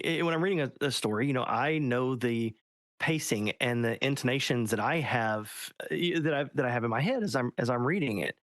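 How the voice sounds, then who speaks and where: A man's voice: mid-range voice, a bit bright, no room sound. A man, an author, talking casually in an interview, chatty with many restarts, fillers and laughs.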